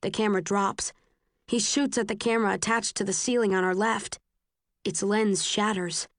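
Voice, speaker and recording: A woman narrates a first-person novel in a measured, even reading voice. Her pitch sits in the middle for a woman. The recording is dry and close, with no room sound. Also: no room sound. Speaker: audiobook narrator.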